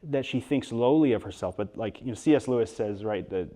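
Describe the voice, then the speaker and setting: A man being interviewed about his book in front of an audience, telling stories in a lively way with quick asides and frequent restarts. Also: medium pitch. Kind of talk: storytelling interview talk before an audience. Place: event hall with an audience.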